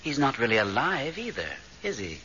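A man's voice: mid-range voice, sing-song, moderate pace, natural voice. An actor playing a sly, teasing male ghost in a radio drama, coaxing and drawing out his words. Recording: dull lo-fi radio recording.

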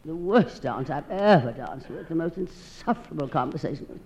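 A woman with a husky, theatrical drawl doing a sardonic, self-mocking comic monologue as one side of a phone call. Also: low-pitched, expressive, normal speed. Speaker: comedienne. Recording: dull old recording with loud hiss.

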